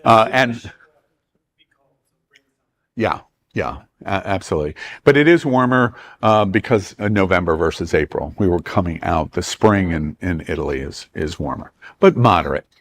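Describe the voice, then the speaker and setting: A man's voice: deep voice, expressive, moderate pace. A man with a Southern US accent, hosting a travel club and briefing a group in a meeting room in a chatty, joking way.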